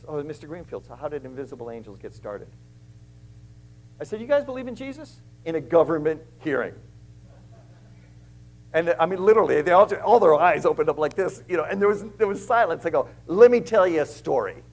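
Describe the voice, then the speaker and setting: A man's voice: a little high, low-quality recording. A man, a guest speaker at a church, telling his story with animation and acting out the other people's lines. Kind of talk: storytelling testimony.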